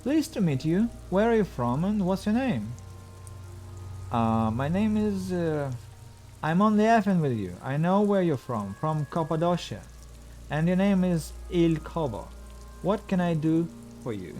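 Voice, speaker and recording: A man's voice: on the high side, big pitch swings, unhurried, a little mellow, faint music behind, voice pushed up. A man voicing a playful male detective in a video game, talking in a raised, joking voice. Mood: teasing.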